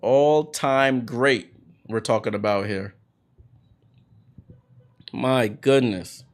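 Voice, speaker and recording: A man hosting a basketball watchalong, calling the plays as an excited fan with sudden bursts of hype. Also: medium pitch, extremely slow. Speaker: watchalong host doing play-by-play. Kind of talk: fan play-by-play commentary.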